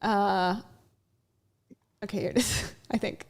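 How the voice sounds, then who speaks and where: A woman's voice: mid-range voice, fairly even intonation, slow pace. A woman hosting a livestream in casual chat, joking and bantering with her guest. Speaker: livestream host.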